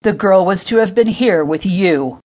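A woman's voice: medium pitch, lively intonation, normal speed, darkish tone, close to an everyday voice. A woman voicing a powerful older nobleman who is stern and short-tempered. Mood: angry. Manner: stern, commanding.

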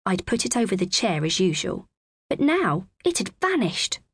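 A woman narrating a children's storybook, her reading clear and expressive at a measured pace. Her voice sits mid-range for a woman, recorded close and dry with no room sound. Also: mid-range voice, no echo. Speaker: audiobook narrator.

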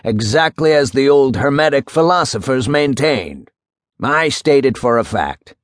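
A man voicing a very old, gloomy judge who speaks slowly and solemnly. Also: medium pitch, animated, no echo, studio quality, natural voice. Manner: slow, ponderous, solemn. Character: very old brooding male judge, slow and gloomy.

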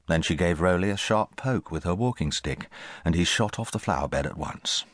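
A man reading a children's audiobook in scripted, expressive narration on a close studio mic. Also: deep voice, moderate pace, no echo. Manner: expressive storytelling.

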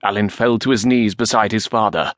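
A man narrating a historical novel in a measured, steady reading. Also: on the low side, no echo, clean studio sound. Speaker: audiobook narrator.

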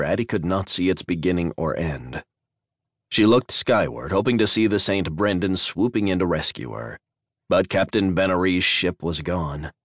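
A man reading a science fiction audiobook in measured, dramatic scripted narration on a close studio mic. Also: low voice, no echo.

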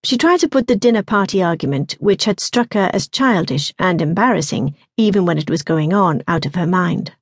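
A woman narrating an audiobook in a measured, even storytelling manner on a close studio mic. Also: on the low side, slightly rough, dry recording. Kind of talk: scripted narration.

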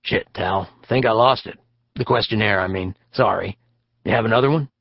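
A gruff, condescending big detective with a low, blunt delivery, as a male narrator puts him on. The audiobook recording is dry and a little dull. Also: moderate pace, no room sound. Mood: dismissive. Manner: gruff, dismissive.

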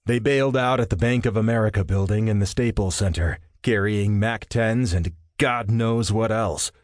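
A man voicing a gruff, stern male federal agent who talks in low growls. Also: normal speed, dry recording, studio quality, close to an everyday voice. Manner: growling, terse. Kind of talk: audiobook character voice.

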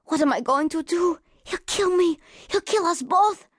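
A woman's voice: high-pitched, expressive, slow, dry recording, studio quality, exaggerated voice. A woman voicing a terrified teenage girl who whimpers and panics, trembling as she talks. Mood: panicked.

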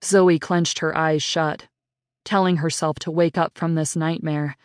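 A woman narrating an audiobook in a measured, unhurried read on a studio mic. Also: deep voice, fairly even intonation, no echo. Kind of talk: scripted narration.

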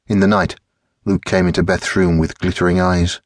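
A man reading an audiobook in measured, even narration. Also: deep voice, no echo, clean studio sound.

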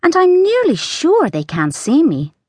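A woman's voice: high voice, wildly swooping pitch, a little slow, a little mellow, no room sound, studio quality, voice pushed up, heavily acted. A woman voicing a curious, polite young girl in a storybook, sounding eager and full of wonder.

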